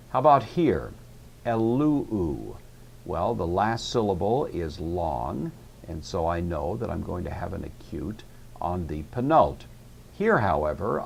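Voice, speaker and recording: A man's voice: sits low, creaky, a little mellow, slight background noise. A man giving a recorded lecture on Greek grammar, explaining each step in a methodical, patient way. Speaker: Greek teacher.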